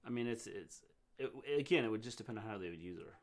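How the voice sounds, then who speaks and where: A middle-aged man co-hosting a casual livestream recap, thinking aloud in halting, restarted sentences. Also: on the low side, expressive. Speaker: co-host, wrestling recap.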